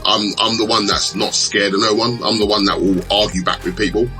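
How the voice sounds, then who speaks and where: A young man chatting casually, telling animated stories and acting out arguments in raised voices. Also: lowish voice, fairly quick, over music, poor audio. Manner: animated storyteller, acts out quarrels in raised voices. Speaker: betting shop assistant manager. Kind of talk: casual chat.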